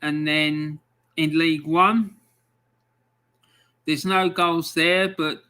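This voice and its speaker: Casual male stream host, unhurried delivery with ums, bright tone. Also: fairly high pitch, fairly even intonation, smooth. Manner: chatty, reads out fixtures with frequent ums. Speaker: live football score stream host. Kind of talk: casual live-stream commentary.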